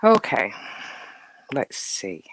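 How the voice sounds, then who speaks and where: A woman's voice: a bass voice, very animated, extremely slow, no echo. A woman hosting a casual live stream, chatting with viewers in a rambling way, often dropping to a near whisper, with a dry throat. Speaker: livestream host.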